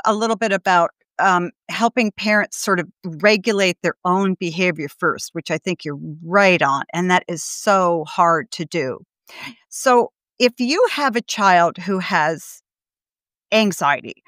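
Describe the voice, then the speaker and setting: A woman's voice: lowish voice, fairly bright tone, no echo, clean studio sound. A woman hosting a podcast who is also a doctor, asking thoughtful questions while searching for her words. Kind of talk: interview questions.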